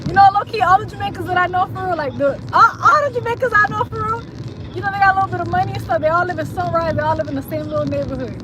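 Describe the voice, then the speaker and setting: High-voiced woman teasing on a live stream. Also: racing. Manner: teasing, switching between English and Spanish. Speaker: livestreamer. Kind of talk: casual live-stream chat. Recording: noisy street sound behind. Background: traffic and city noise.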